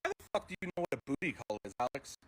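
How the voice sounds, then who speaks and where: A streamer reading a funny story aloud on a live stream, animated and profane, laughing easily. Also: mid-range voice, very fast, slightly rough, rough recording.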